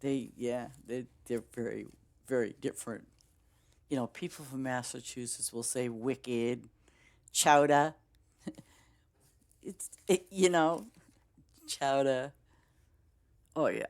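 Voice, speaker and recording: A woman's voice: extremely low pitch, takes it slowly, vocal fry, pauses often, darkish tone. A woman with a Boston accent chatting casually with her stream viewers in a rambling, easygoing way, laughing often. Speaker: game streamer.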